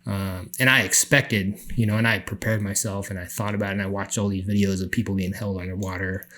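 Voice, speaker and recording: Middle-aged guy, lowish voice, chatty storyteller on a podcast, does the voices of his buddies. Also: fairly quick. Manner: animated storyteller, acts out voices in quotes. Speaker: podcast guest. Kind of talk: casual storytelling.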